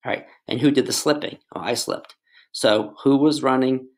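Gravelly-voiced man teaching grammar playfully. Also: medium pitch, moderate pace, a little mellow. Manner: playful, self-joking, asides to students. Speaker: English tutor. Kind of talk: casual grammar lesson.

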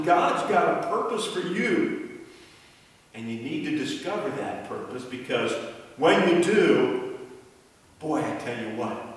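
A man preaching a children's sermon, telling a story in an animated way and then praying. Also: mid-range voice. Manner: animated storyteller, voice rising for quoted characters. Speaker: pastor. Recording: echoey hall from far off.

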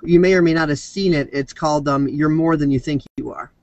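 A man's voice: on the high side, brisk, a little mellow, no room sound, lo-fi sound. A man talking casually and at length on a video call, rambling and full of fillers.

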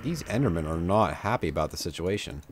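A man's voice: sits low, animated, quick pace, noisy background. A young man giving casual, self-mocking commentary over a video game, chatty and prone to sudden outbursts at enemies. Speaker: gameplay commentator. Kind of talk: casual let's-play commentary.

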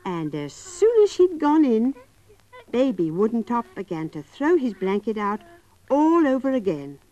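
Gentle woman telling a children's story. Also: on the high side, big pitch swings, measured pace, dull audio. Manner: gentle, coaxing, talks directly to children. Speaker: narrator. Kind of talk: scripted storytelling for young children.

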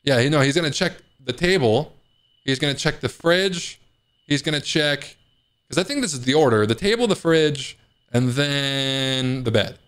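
Give me a man with a mid-pitched voice, joking through a horror game. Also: normal speed, a bit bright, clean tone. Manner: joking, panicky outbursts. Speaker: gaming video host. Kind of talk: casual let's play commentary.

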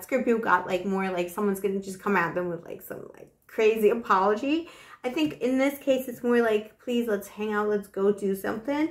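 A woman's voice: medium pitch, roomy sound. A woman doing a casual tarot reading to camera, chatty and affectionate, a little short of breath. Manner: chatty and affectionate, with fillers like "you know". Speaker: tarot reader.

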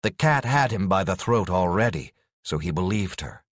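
Lively, low-voiced male audiobook narrator. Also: moderate pace, no echo, clean studio sound.

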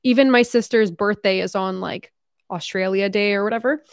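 A woman's voice: mid-range voice, moderate pace, clear, resonant tone, no room sound, clean studio sound. A young Canadian woman in her twenties vlogging casually, chatty and giggly as she reads fan mail aloud. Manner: chatty, giggly, swears casually, drifts into a mock Australian accent when reading. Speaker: YouTuber. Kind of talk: casual vlog, reading fan letters aloud.

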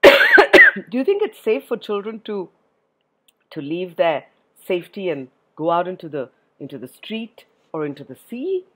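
A woman reading a poem aloud to children in an expressive way, often stopping to ask her listeners questions. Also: on the low side, measured pace, slight background noise. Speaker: storyteller for children.

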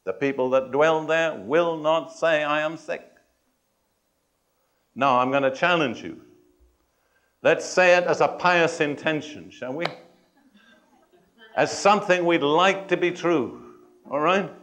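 A man preaching a sermon to a congregation. He speaks in a measured, emphatic way, puts questions and challenges to his listeners, and adds touches of dry humor. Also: a little high, a bit bright. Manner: addresses and challenges the congregation directly.

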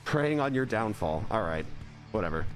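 Excitable man streaming a video game. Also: normal speed, faint music behind. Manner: excitable, jumps from low muttering to yelps and shouts; repeats phrases over and over. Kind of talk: live gameplay commentary.

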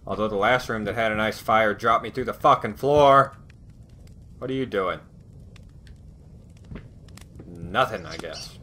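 A man hosting a horror game let's play, swearing and snarking at everything on screen. He talks slowly, and his voice has a bright edge. A faint hiss sits underneath. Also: fairly low pitch. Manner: profane, snarky reactions to the game. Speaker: gaming video host.

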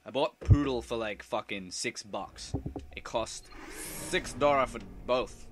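A young man giving casual, swear-heavy commentary while playing a video game, excitable and prone to sudden loud yelps. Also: mid-range voice, unhurried. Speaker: let's play gamer.

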